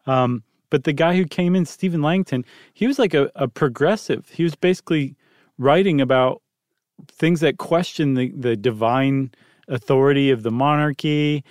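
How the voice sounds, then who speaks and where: A man's voice: on the high side, normal speed, darkish tone, no echo. A man co-hosting a podcast, talking casually through history with many ums and dry jokes. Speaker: podcast co-host.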